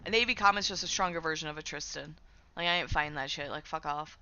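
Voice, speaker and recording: A woman's voice: sits low, animated, fast, gravelly, bright, forceful tone, lo-fi sound. A woman streamer chatting casually while she games, ranting with plenty of swearing and fillers. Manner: profane, ranting, filler-heavy. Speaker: game streamer. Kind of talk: casual chat while gaming.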